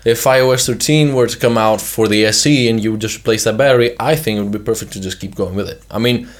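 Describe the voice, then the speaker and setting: A man's voice: on the low side, fast talker. A young man co-hosting a podcast, talking casually and hedging his points with "I mean" and "you know". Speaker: podcast co-host. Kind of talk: casual chat.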